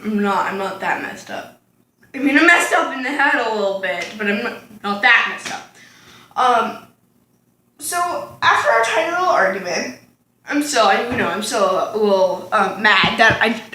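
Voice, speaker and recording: Rambling bright-voiced teen girl vlogger. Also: fairly high pitch, slight background noise. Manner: rambling, sidetracked, lots of ums and likes. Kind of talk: casual storytime chat. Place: home kitchen. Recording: echoey room.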